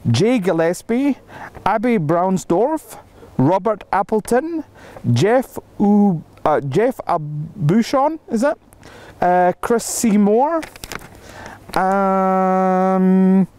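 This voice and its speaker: A man who grew up in South Africa, reading a list of backers' names in a halting, casual update filmed outdoors in the cold. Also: high voice, very animated, darkish tone. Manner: halting, reading names slowly with many fillers. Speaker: filmmaker thanking backers.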